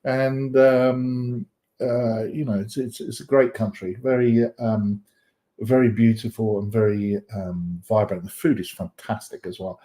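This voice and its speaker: A man's voice: on the low side, flat delivery, a little slow, dark tone. Rambling, chatty male stream host. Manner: chatty and rambling, many fillers and restarts; jokey, greets viewers by name. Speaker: livestream host. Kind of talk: casual live-stream chat.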